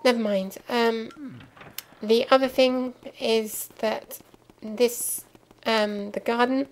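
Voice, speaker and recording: A young woman with a slightly high, fairly even voice talks slowly through a casual let's play, explaining things chattily with plenty of ums and asides. The audio is poor, with a faint hiss or hum, and game music plays clearly in the background.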